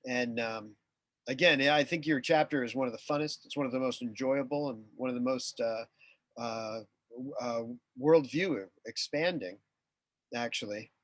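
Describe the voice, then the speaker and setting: A man hosting an interview, speaking in a halting way with many restarts. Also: medium pitch, no echo. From USA. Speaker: interview host. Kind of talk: casual interview chat.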